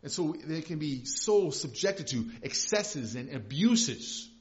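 A man's voice: on the high side, sing-song, slow, a little mellow. Conversational male pastor preaching. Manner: conversational, emphatic, with frequent restarts. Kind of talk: sermon. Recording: slightly dull lo-fi recording.

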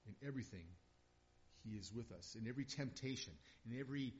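A man's voice: medium pitch, a little fast, a little mellow. A middle-aged man preaching a sermon as a pastor, earnest and building to emphatic repeated phrases. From northern Minnesota. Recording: dull lo-fi sound.

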